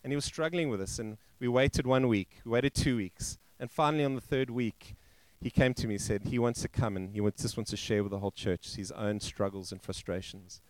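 A male pastor telling a story in a sermon, halting and restarting, and acting out the quoted voices. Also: medium pitch, darkish tone, no echo. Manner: halting, with frequent restarts and fillers. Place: church.

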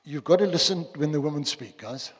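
A man preaching a sermon to a congregation, animated and joking with his listeners. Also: a little high, brisk, husky. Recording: long hall reverb.

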